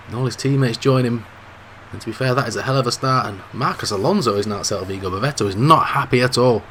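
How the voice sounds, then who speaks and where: A male gaming host calls a video-game football match, his throat dry and prone to the odd cough. He speaks at a middle pitch in a mostly relaxed running commentary that rises into shouted excitement at big chances. A faint background hiss is present. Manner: mostly low-key running call that surges into shouts at goal chances.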